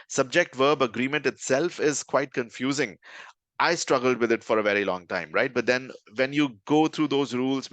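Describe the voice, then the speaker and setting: A man leads a live online lesson in a steady, middle-pitched voice. He talks conversationally and keeps checking in with his listeners. The recording is dry and close, with no room sound. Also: dry recording. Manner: conversational, checks in with "right?" often. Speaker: communication trainer.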